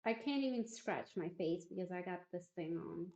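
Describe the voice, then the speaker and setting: A woman's voice: fairly low pitch, expressive, normal speed, darkish tone. A woman streamer chatting casually in a rambling, self-deprecating, wry way. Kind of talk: casual livestream chat. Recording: roomy, muffled stream audio.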